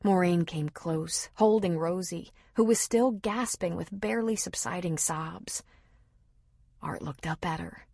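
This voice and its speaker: A woman reading a novel aloud in steady, measured scripted narration. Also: fairly low pitch, gravelly, breathy edge, dry recording, clean studio sound. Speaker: audiobook narrator.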